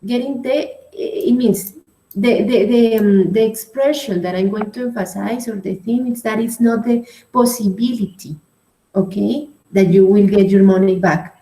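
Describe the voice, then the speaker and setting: In an echoey room with faint background noise, a patient woman teaching English explains an online class step by step. She speaks at a measured pace in a mid-range, dark voice and keeps checking in with "right?" and "okay?"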